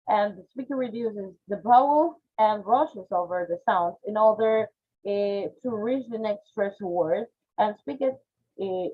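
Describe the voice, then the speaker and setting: Spanish-accented woman teacher, husky, on a tinny call line, keeps asking "okay?". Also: fairly high pitch. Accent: Spanish-accented English. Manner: tags sentences with "okay?". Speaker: English phonetics teacher. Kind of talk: online class lecture. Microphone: video call. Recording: tinny phone-like call audio.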